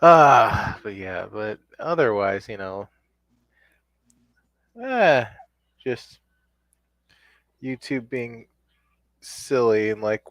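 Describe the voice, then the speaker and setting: A man's voice: medium pitch, sing-song, drawn-out words, pauses often, fairly bright tone, no echo. A man co-hosting a casual podcast chat, telling stories in a laid-back way with quoted asides. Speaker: podcast co-host.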